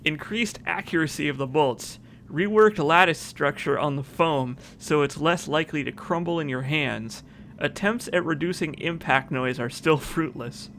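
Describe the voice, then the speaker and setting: A man's voice: on the high side, normal speed, gravelly, fairly bright tone, slight background noise. A man streaming a video game, chatting casually and reading in-game notes aloud. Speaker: let's play streamer. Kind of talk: casual gameplay commentary.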